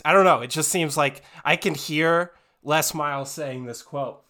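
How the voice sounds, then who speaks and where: Bright-voiced man in casual chat. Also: on the high side, a little slow, few pauses. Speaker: co-host.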